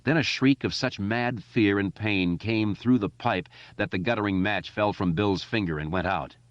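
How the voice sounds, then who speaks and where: A man reading a horror novel aloud as audiobook narration, measured and dramatic, in a slightly dull, lo-fi recording. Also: fairly low pitch, no room sound.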